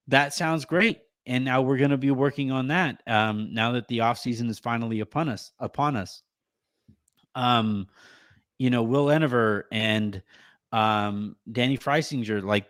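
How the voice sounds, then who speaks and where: A man's voice: mid-range voice, no room sound. Emotional man rambling, dry sound. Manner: rambling, halting, many restarts and fillers. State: holding back tears. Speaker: podcast host. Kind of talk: emotional thank-you on a sports podcast. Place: home.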